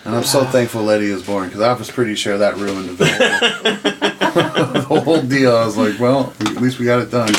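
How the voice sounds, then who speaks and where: A man's voice: mid-range voice, expressive, moderate pace, background noise. Laid-back, swearing man chatting. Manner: laid-back, profane, laughs while talking. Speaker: podcast co-host. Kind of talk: casual chat.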